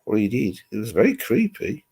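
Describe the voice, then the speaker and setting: A man rambles through a casual chat with his viewers, dropping the odd mild swear word. His low voice has a gravelly edge. He talks into a laptop microphone at home. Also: big pitch swings, a little fast, darkish tone. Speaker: livestream host. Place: home, seated with laptop on lap.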